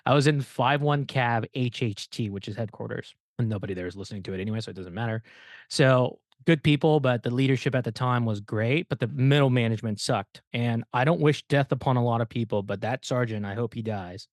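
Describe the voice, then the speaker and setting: A man's voice: medium pitch, a little fast, no room sound. Young male guest, ranting storyteller, profane and laughing; dead-dry mic. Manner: profane, ranting, laughs while telling stories. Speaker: podcast guest. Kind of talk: casual storytelling.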